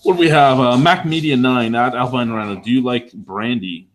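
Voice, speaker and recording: A man's voice: mid-range voice, moderate pace, a little hiss or hum, poor audio. A man hosting a beer review show, telling rambling, profane stories in casual chat while a little tipsy.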